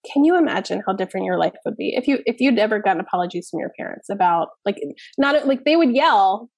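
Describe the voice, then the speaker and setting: A woman in her thirties speaks as a child therapist in a relaxed interview, her mid-pitched voice carrying a gravelly, fry-laden texture. She talks frankly, with a loose, conversational flow, and the recording is close and dry with no room sound. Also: a little fast, no echo. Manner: candid, frequent "like" and "you know what I mean", occasional cussing. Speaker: child therapist and parenting expert.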